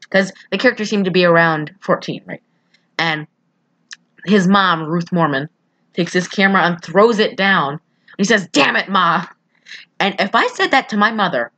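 A woman co-hosting a casual movie review podcast, animated and full of fillers, acting out characters as she talks. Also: lowish voice. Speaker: podcast co-host.

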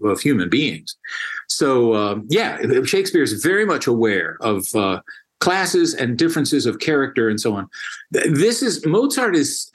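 A man talking casually and enthusiastically as a guest, often restarting and repeating words as he explains. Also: mid-range voice. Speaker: music guest explaining opera.

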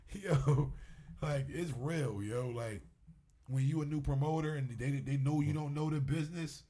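A man who works as a wrestling promoter, chatting as a guest in a casual interview, an animated storyteller who swears freely. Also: fairly high pitch, slow pace, pauses often, slight background noise.

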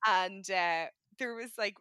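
A woman in casual chat, talkative and quick to laugh, filling her talk with "like". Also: medium pitch, pushed and bright, no room sound. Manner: chatty, laughs often, lots of "like".

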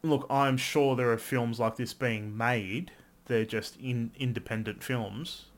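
A man co-hosts a podcast in a relaxed chat, lively and quick to curse, his medium-pitched voice leaping upward whenever he gets excited.

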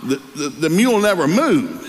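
A man's voice: fairly high pitch, moderate pace. A man, preaching a sermon as pastor and telling a folksy story. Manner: folksy, animated storyteller acting out voices. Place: church sanctuary. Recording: live church hall with long reverb.

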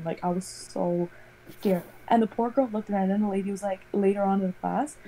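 A young woman chats casually, rambling through a story and peppering it with "like". Her voice sits in a middle pitch with a soft, mellow tone. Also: fast, slight background noise, rough recording. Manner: rambling, animated storytelling full of "like". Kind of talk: casual chat.

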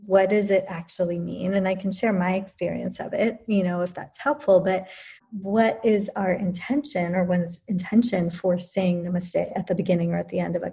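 A woman who teaches yoga, talking thoughtfully in a relaxed conversation, pausing and restarting as she works through her points. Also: mid-range voice. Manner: thoughtful, many restarts and fillers. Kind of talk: reflective conversational talk.

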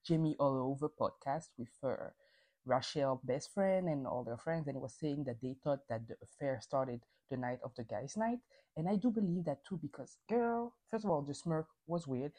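A woman's voice: sits low, darkish tone. A woman hosting a podcast, recapping reality TV in a casual, opinionated way, swearing freely and acting out quotes. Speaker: podcast host.

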